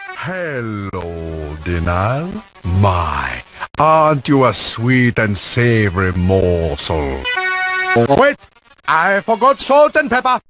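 A man's voice: on the low side, huge pitch swings, slow, over music, heavily acted. A man voicing a gloating, hungry python with a theatrical manner.

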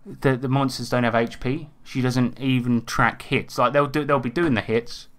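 A man co-hosting a tabletop gaming podcast in casual chat, animated and swearing freely. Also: medium pitch, normal speed. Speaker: podcast co-host.

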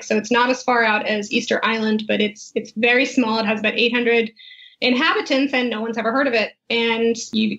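A woman with a fairly high voice tells her story in a relaxed interview, laughing often and slipping into the voices of the people she quotes. The audio is dull and muffled. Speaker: guest, wine tasting business founder.

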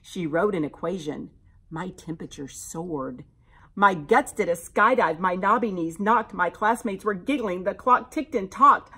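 Woman teacher, expressive picture-book reader, low husky voice. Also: unhurried. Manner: animated, expressive storyteller. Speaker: teacher reading to children. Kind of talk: reading a rhyming picture book aloud.

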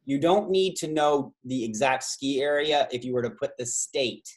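A man hosting a trivia quiz over a video call, reading out multiple-choice options slowly and drawing out the key words, with chatty asides and quick self-corrections. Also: mid-range voice. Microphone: video call microphone.

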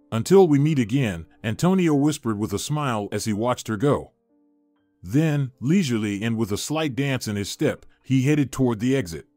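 A man narrating a scripted story in a measured, storytelling manner. His pitch moves freely across a wide range, recorded close and dry, with soft music playing underneath. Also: no echo. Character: Antonio, a smitten man, calm and professional.

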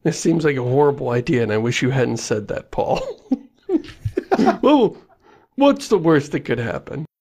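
A man's voice: medium pitch, sing-song, normal speed, long pauses, darkish tone. A man co-hosting a podcast in casual chat, jokey and self-mocking, laughing often. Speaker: podcast co-host.

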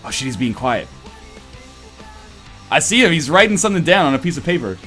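Faint rock music plays as a man hosts a casual voice-call podcast, chatting and reading a visual novel aloud in a mock-dramatic, profane, animated way. His voice is fairly high and his pace fairly quick.

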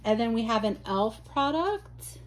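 Slow-talking woman gushing over an unboxing. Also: a little high, sing-song. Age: adult. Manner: gushing, exclamatory, chatty. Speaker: vlogger unboxing mail. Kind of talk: casual unboxing chat.

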